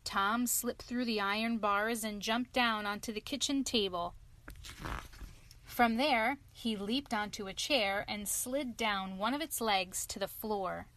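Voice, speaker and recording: A woman narrating a children's storybook aloud in a clear, expressive reading. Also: medium pitch, a little slow.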